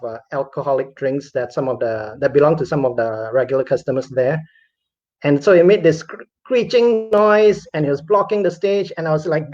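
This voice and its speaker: A man's voice: on the high side, a little mellow. A man who is a comedian, telling a personal story in a chatty, self-deprecating way with many fillers. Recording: dull lo-fi recording.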